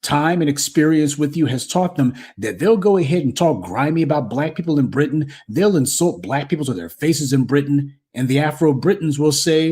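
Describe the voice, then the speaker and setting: A man's voice: fairly high pitch, animated, normal speed, few pauses, darkish tone, husky. A man with a Southern American accent, hosting a commentary show and delivering an indignant, scornful monologue. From United States.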